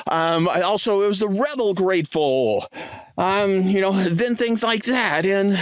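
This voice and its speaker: A man's voice: fairly bright tone, no echo, clean studio sound. A man vlogging outdoors on a hiking trail, talking in a rambling, playful way into a handheld phone. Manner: rambling and playful, with wide swings in pitch. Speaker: thru-hiker vlogger. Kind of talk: casual outdoor vlog monologue.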